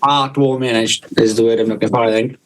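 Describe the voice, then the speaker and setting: A man on a podcast, talking haltingly with fillers and giggles in casual banter. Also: medium pitch, fairly even intonation, rough recording. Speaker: podcast co-host.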